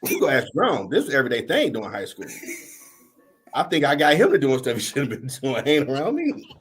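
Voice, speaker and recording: A man's voice: mid-range voice, fairly quick, husky. A middle-aged man, hosting a podcast and telling a story in casual slang, acting out the other people's lines. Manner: animated, slangy, acts out quoted voices. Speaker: podcast host.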